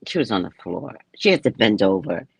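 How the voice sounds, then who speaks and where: A woman's voice: rumbling low, expressive, fairly quick, gravelly, slightly rough, no echo. A woman in her sixties, chatting casually and playfully with viewers on a live stream, laughing as she talks. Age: 60s. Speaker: live stream host and psychic reader. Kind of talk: casual live chat answering comments.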